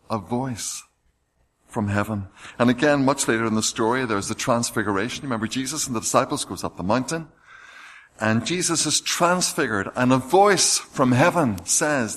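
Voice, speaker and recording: A man's voice: medium pitch, expressive, normal speed, a bit bright. A man preaching a sermon, reading scripture passages aloud with rising emphasis.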